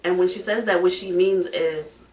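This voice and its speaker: A woman's voice: fairly low pitch, steady tone, moderate pace, darkish tone, reverberant. A woman reviewing a reality show in casual, emphatic talk, swearing freely and speaking straight to her viewers. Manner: emphatic, profane, talks to viewer directly.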